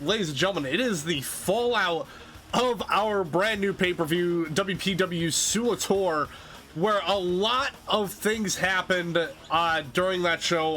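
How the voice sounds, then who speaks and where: Male host-announcer, high bright voice, fast excitable wrestling-show patter. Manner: hyped announcer tone with quick bursts and small restarts. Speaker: host and play-by-play commentator. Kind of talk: energetic wrestling show commentary.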